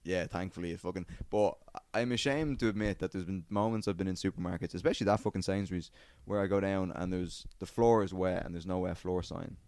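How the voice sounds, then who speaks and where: A man's voice: low-pitched, a little fast, hardly any pauses, darkish tone, clean tone, dry recording. A man on a podcast telling a story in casual chat, swearing often and acting out what people said. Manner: swears a lot, acts out quotes in a raised voice. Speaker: podcast co-host.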